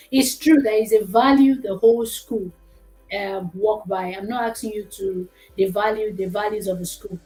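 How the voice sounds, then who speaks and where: A woman's voice: mid-range voice, a little mellow, poor audio. A woman with a Nigerian accent hosting a casual educational discussion, explaining things in a chatty, joking way. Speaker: host.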